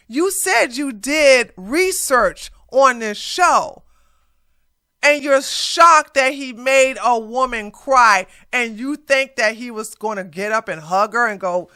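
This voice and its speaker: Blunt, mocking woman with a bright voice. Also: on the high side. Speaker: commentary host. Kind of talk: reaction commentary.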